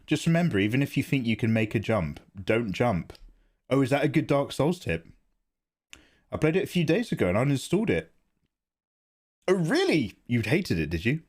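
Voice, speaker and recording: Chatty male art streamer, relaxed home-stream talk, animated pitch. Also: normal speed, pauses often. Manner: chatty, chats with viewers in the chat. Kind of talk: casual chat while drawing on a livestream.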